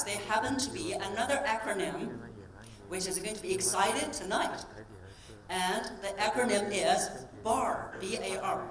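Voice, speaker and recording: Woman voice coach giving a keynote in a big hall, lively, quizzing the crowd, sounds roomy and a bit far off mic. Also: mid-range voice. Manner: animated, demonstrative, engaging the audience with questions. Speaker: voice coach and speaker. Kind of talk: keynote talk at a convention. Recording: roomy echo from a distance, faint ambience.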